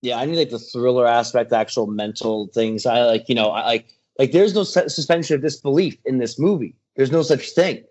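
A man's voice: medium pitch, fairly quick, few pauses, a little mellow, dull audio. Blunt, swearing young man, stammering. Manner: blunt, profane, stammering restarts. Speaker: podcast co-host reviewing a movie. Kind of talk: casual chat.

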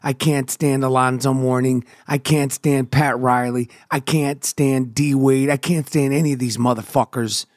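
A man's voice: mid-range voice, steady tone, moderate pace, few pauses, darkish tone, no echo, studio quality. A man from New York hosting a podcast, ranting about sports with heavy swearing and sing-song chanted intros. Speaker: podcast host. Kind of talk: profane sports rant.

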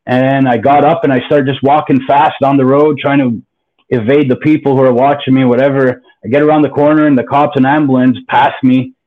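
A man's voice: medium pitch, little pitch movement, fairly quick. A man telling his own story as a podcast guest, candid, blunt and profane, often rambling. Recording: phone-like narrow line.

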